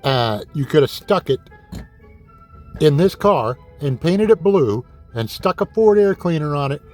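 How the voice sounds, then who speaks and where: A man's voice: on the high side, expressive, unhurried, darkish tone, soft background music. A man hosting a diecast car vlog in a casual, exasperated ranting way, swearing often and sarcastically calling his viewers kids. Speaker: diecast collector host.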